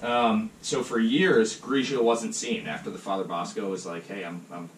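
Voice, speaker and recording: A man's voice: fairly low pitch, normal speed. A man co-hosting a podcast, retelling a story in a rambling, casual way full of fillers. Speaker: podcast co-host. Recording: roomy, distant mic, faint noise.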